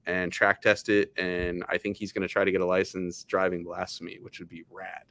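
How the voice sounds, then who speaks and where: A man who is the guest, telling animated stories in casual chat and laughing at himself often. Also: deep voice, a little fast, gravelly.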